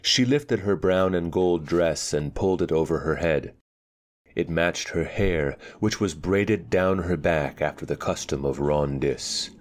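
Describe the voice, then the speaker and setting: A man narrating a dark fantasy story in a calm, measured storytelling voice. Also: low-pitched. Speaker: audiobook narrator. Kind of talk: scripted narration.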